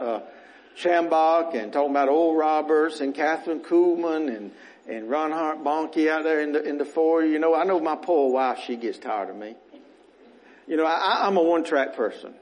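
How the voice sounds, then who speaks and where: A man preaching a sermon in church as minister, earnest and rambling, his voice going a little rough. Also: fairly high pitch, darkish tone, rough recording. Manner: earnest, rambling, repeats words as he restarts. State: voice getting rough.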